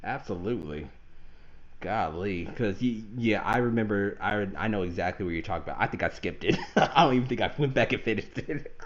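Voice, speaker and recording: A man hosting a gaming podcast in casual chat, animated and often laughing. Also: fairly low pitch, brisk, muffled recording. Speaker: podcast host.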